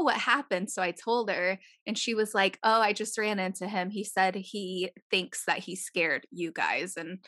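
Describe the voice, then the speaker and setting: Woman, bright voice, chatty storyteller, swears freely, dry close sound. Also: medium pitch, dry recording. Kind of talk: casual chat, storytelling.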